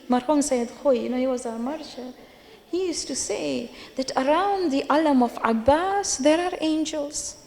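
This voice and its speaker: This majlis speaker, a woman with a high, gravelly, darkish voice, gives a religious lecture at a gathering. She narrates emphatically, repeating important phrases to drive them home, and a long hall reverb colors the sound.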